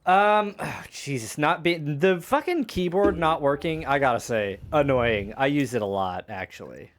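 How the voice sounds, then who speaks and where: A man's voice: a little high, lively intonation, normal speed. A man casually chatting while streaming a strategy game, laughing often and swearing in passing. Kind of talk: casual gaming stream chat.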